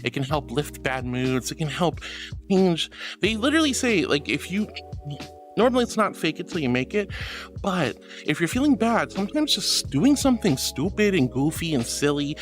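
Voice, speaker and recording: A woman streaming from home, chatting casually with her viewers in a bubbly, affectionate, giggly way. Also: low voice. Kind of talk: casual livestream chat reading comments.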